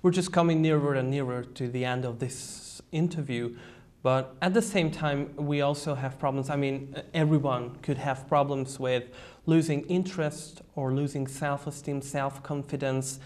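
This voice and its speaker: A man's voice: mid-range voice, steady tone, moderate pace, darkish tone. A man with a Hungarian accent interviewing a guest, asking long, carefully built questions.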